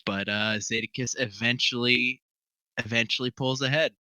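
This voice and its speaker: A man's voice: medium pitch, steady tone, normal speed, sharp tone, clean tone, no room sound, poor audio. A man narrating a tabletop game as game master, rambling with lots of fillers and laughing often.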